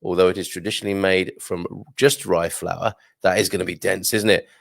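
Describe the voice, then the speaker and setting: A man with a fairly low voice hosts a relaxed live stream, reading aloud and drifting into chatty asides. The sound is dry and close, with no room echo. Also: brisk, creaky. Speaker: host. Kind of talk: casual live-stream chat.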